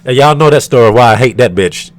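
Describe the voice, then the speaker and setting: A man's voice: medium pitch, lively intonation, quick pace. A man from the United States telling a storytime rant to his viewers in an irritated, profane, rambling way with many fillers. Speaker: vlogger.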